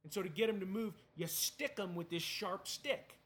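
Man, high voice, preaching, conversational, emphatic, rhetorical questions. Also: expressive, normal speed, a bit bright. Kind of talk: sermon.

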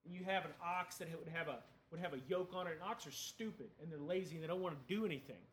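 A man's voice: on the high side, fast talker, a little hiss or hum. A man preaching a sermon in a conversational, emphatic way, asking the listeners questions.

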